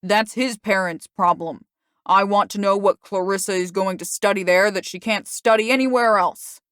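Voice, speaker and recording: An angry, sarcastic father who snaps loudly at his daughter, read by a woman narrating an audiobook. His lines come out forceful and stern, in a dry, close recording with a middle-pitched voice. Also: normal speed, clear, resonant tone, no room sound, natural voice. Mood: furious. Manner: loud, snapping, sarcastic. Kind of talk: audiobook character reading.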